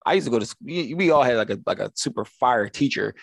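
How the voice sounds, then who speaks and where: Lively fast-talking young man. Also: mid-range voice, vocal fry, a little hiss or hum. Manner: animated, repetitive, laughing reactions. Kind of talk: casual chat.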